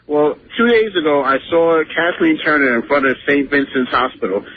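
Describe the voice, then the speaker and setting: Excited caller on a tinny phone line. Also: male voice, on the high side, normal speed, slight background noise. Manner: urgent, rambling with repeated starts. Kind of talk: call-in radio.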